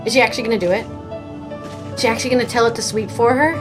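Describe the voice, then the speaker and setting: A woman's voice: a little high, fairly even intonation, rapid-fire, rough recording. A young woman streaming a game, chatting casually and reacting with giggles. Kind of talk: casual live-stream commentary. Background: game music.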